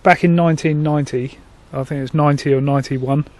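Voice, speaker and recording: A man's voice: on the high side, fairly even intonation, fast, darkish tone. A man from England telling a group about a past night out, with fillers. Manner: plain storytelling with fillers. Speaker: group member. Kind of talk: telling a personal story.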